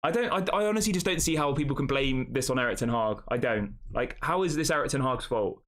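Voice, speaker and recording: A man's voice: medium pitch, expressive, quick pace, a bit bright. A young man hosting a casual live stream, chatting and reading out viewer comments before answering them. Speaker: fan channel host.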